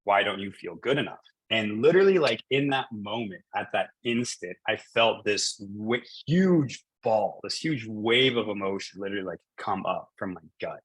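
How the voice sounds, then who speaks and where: A man's voice: fairly low pitch, expressive, normal speed, few pauses, slightly rough, no echo, rough recording. A man in his thirties, a coach, telling a personal story in a casual coaching conversation, full of fillers and restarts. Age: 30s.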